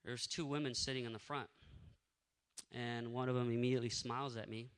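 A man telling a faith testimony in a lively, casual way, acting out what people said. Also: mid-range voice, fairly quick, clean tone, big-room sound. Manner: energetic, animated storyteller who acts out what people said. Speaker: speaker sharing a faith testimony.

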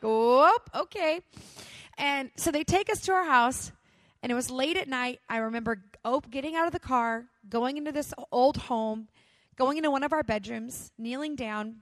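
A woman's voice: high-pitched, fairly bright tone, no echo. A woman pastor from California preaching a sermon, telling a personal story and asking the audience questions.

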